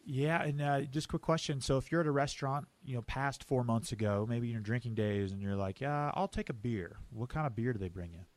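A man's voice: mid-range voice, darkish tone, no echo. Brief: American male podcast host, upbeat and jokey, dry close sound. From United States. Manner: upbeat, joking, quick asides. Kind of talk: casual podcast interview.

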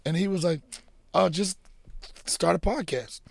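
Middle-aged male comic, slightly high and gravelly, animated storyteller. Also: unhurried, no room sound. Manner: animated, profane, acts out quotes. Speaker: podcast guest, comedian. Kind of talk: casual storytelling chat.

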